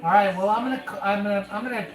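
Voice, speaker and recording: A man's voice: sits high, rapid-fire. A man hosting a casual live stream as a father, folksy and chatty, calling his listener son. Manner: folksy, calls the listener son, chatty about betting odds. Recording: echoey room with loud music.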